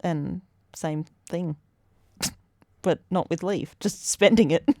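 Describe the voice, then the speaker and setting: A woman's voice: fairly low pitch, slow pace, warm tone. A woman co-hosting a podcast, teasing her co-host with a dry wit and frequent giggles. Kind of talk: casual chat.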